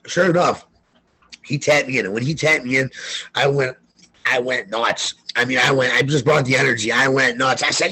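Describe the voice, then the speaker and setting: Husky, hyped-up man telling stories. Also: normal speed, no room sound, poor audio. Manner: high-energy, loud, excitable storytelling with cursing. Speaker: guest sports bettor. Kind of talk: casual podcast interview.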